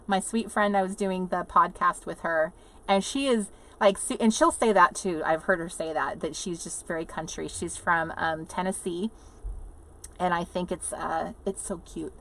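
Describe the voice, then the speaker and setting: A woman's voice: fairly low pitch, moderate pace, fairly bright tone. A woman hosting a casual livestream from inside an RV, rambling chattily, laughing often and reading viewer comments aloud. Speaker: livestream host. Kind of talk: casual live chat with viewers.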